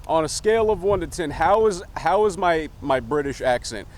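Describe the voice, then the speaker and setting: A man's voice: fairly high pitch, expressive, moderate pace. Profane, rambling male vlogger. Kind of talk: casual opinion vlog.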